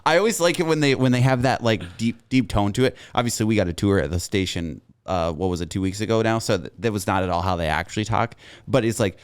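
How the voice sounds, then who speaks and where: Low-voiced man in relaxed podcast chat. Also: fast talker, few pauses, clean tone, no echo. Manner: relaxed, chatty, laughs easily. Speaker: podcast co-host. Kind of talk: casual chat.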